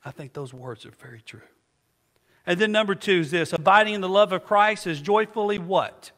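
A man's voice: sits high, normal speed, fairly bright tone. A man preaching a sermon as pastor. He keeps asking the congregation to finish his sentences. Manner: call-and-response preaching, asks the congregation to fill in words. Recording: long hall reverb.

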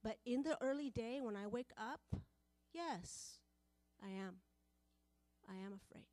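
A woman's voice: on the high side, animated, a little slow, darkish tone, dry recording. Passionate woman preaching a sermon. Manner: passionate, repetitive, builds in volume.

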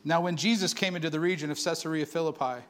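A man preaching a sermon to his church, animated and conversational, asking the congregation for responses. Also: fairly high pitch, fast. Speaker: pastor.

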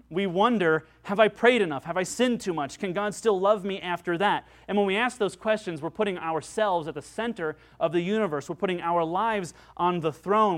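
A male pastor preaching a sermon in an earnest way, moving between hushed and loud passages. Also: fairly high pitch.

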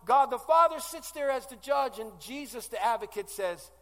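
A man in his forties preaching a sermon as pastor, moving from loud declarations to hushed pleas. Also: extremely high pitch, animated, moderate pace, hardly any pauses, in a large hall. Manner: impassioned, swinging from loud declarations to hushed, tearful-sounding pleas.

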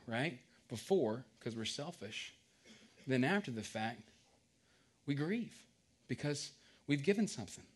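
A man's voice: mid-range voice, husky. A man preaching a casual sermon, joking and asking the congregation questions.

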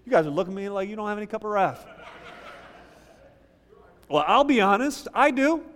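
A man preaching a sermon, conversational and animated, telling stories and teasing the congregation. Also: high-pitched, brisk, big-room sound. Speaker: pastor. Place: church sanctuary.

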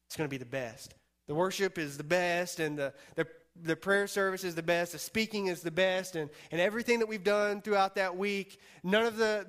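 A man's voice: high-pitched, fairly bright tone, clean tone. A young man preaching an informal sermon to a youth group as their pastor, telling stories in a chatty way full of fillers and acted-out quotes. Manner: chatty storytelling, many fillers, acts out quotes.

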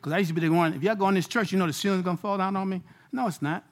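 Animated preacher man, swinging volume. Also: high voice, racing. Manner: animated, swings between loud and hushed; casual slangy delivery. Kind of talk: sermon.

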